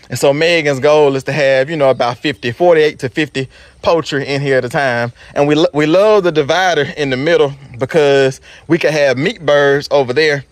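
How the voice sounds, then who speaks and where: Rambling, relaxed man on a farm. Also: a little high, no room sound. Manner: relaxed, rambling, many fillers. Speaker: farm vlogger. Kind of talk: casual walk-and-talk vlog. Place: small farm, outdoors then indoors in a house. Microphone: handheld camera.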